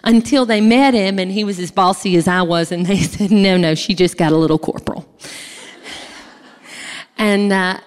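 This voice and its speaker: Animated American woman telling a story in a hall. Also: medium pitch. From United States. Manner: lively, animated storyteller who acts out what others said. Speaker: speaker sharing a personal testimony. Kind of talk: personal storytelling. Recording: long reverb of a large hall.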